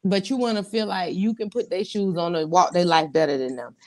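A woman co-hosting a casual talk show, animated and laughing often. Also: on the low side, brisk. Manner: animated, laughs often, talks to the audience directly. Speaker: podcast co-host. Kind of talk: casual chat.

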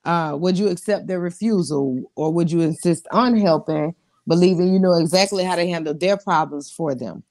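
A woman co-hosting a casual talk show, animated and laughing often. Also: fairly low pitch, normal speed. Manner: animated, laughs often, talks to the audience directly. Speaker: podcast co-host. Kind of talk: casual chat.

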